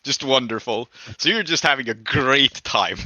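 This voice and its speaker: An easygoing male game master who laughs a lot while he describes scenes and calls for rolls. His voice is very bright, and it is recorded dry and close. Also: mid-range voice, lively intonation, moderate pace, dry recording, poor audio. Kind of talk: running a tabletop game.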